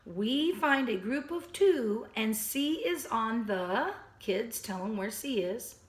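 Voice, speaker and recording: A woman teaching a recorded piano lesson to children and their parents, patient and instructive, slightly hoarse and often clearing her throat. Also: on the high side, animated, takes it slowly, reverberant. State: losing her voice. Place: at a piano, indoors.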